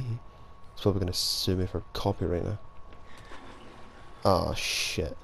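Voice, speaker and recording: A man's voice: low voice, fairly even intonation, moderate pace, creaky, pauses often, a little hiss or hum. A tired, sleep-deprived young man giving jokey let's-play commentary, muttering and swearing to himself. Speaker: gaming commentator. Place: at home at night.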